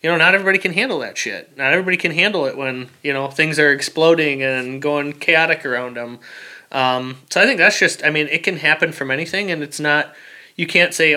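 A man, a military veteran, talking plainly in a casual interview, halting with fillers and repeated words. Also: on the high side, pushed and bright.

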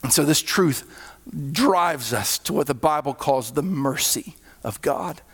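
A male pastor preaching a sermon, with sudden swells in volume and hushed, slowed drops. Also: a little high, animated, slightly rough. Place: church hall. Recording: reverberant hall.

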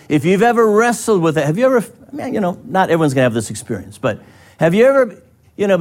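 A male pastor preaching with a slightly raised pitch. He speaks in a loose, conversational way and slips into short imagined exchanges to make his points. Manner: conversational, acts out little dialogues. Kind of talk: sermon.

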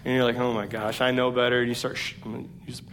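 A man's voice: medium pitch, level tone, fast talker, fairly bright tone, slight background noise. A man in his thirties preaching a sermon, telling self-deprecating stories in a casual, slangy way. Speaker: pastor.

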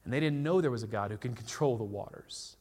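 A man preaching a sermon, telling a story with animated retellings and quoted voices. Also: mid-range voice, fast. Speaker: pastor. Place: church in Colorado. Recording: long reverb of a large hall.

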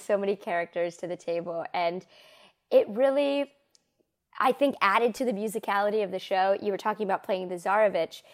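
Bubbly woman hosting a podcast. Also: medium pitch. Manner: enthusiastic, giggly, many fillers. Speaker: podcast host. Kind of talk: casual interview hosting.

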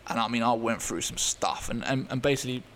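Over a little hiss or hum, a man with a medium-pitched, fairly bright voice shares a personal story as a podcast guest. He's earnest and open but halting, often restarting sentences and using fillers.

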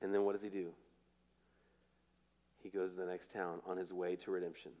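A man preaching a sermon in a casual, storytelling way, acting out the quotes and dropping to a hushed voice for emphasis. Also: low voice, moderate pace. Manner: conversational, animated storytelling with acted quotes. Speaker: pastor.

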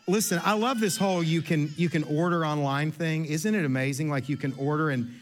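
A man's voice: fairly high pitch, brisk, a little hiss or hum. A man preaching a sermon as pastor, telling a story in a chatty, self-deprecating way with many restarts. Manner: chatty, self-deprecating, restarts often, acts out quoted people. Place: church sanctuary.

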